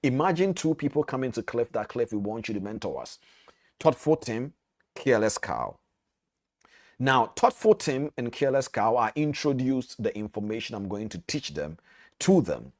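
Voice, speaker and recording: A man's voice: medium pitch, normal speed. A man teaching as a trading mentor, telling a parable and speaking directly to his listeners. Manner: animated storytelling, direct to listeners. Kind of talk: storytelling lesson.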